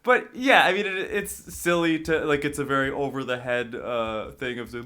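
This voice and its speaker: Man, podcast co-host, bright forceful voice, excitable, gushing, casual movie chat. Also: mid-range voice, moderate pace, few pauses, smooth. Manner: excitable, gushing, jumps between loud enthusiasm and mumbling.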